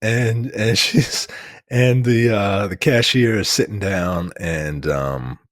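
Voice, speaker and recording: A man co-hosting a casual movie review podcast, profane and animated, retelling scenes. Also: on the low side, slow, no room sound, studio quality. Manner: animated, profane, recounts scenes with acted quotes. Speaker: podcast co-host.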